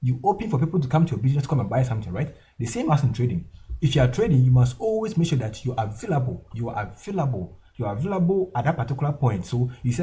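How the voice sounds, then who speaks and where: A man's voice: mid-range voice, very animated, racing, mellow. A man teaching a trading lesson over a chart, repeating his points with emphasis and tagging lines with "okay?" and "guys". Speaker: forex trading instructor. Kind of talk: screen-share trading tutorial.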